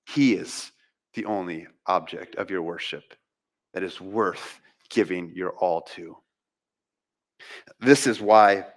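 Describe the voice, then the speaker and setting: A pastor preaching a sermon from the pulpit, impassioned, with dramatic rises and drops in his voice. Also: fairly bright tone. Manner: impassioned preaching with dramatic pitch swings and pauses. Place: church sanctuary.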